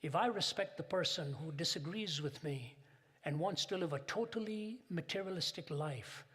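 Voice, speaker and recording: An older man giving a public lecture, an emphatic storyteller who builds to dramatic pauses. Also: fairly high pitch, breathy edge. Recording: long hall reverb.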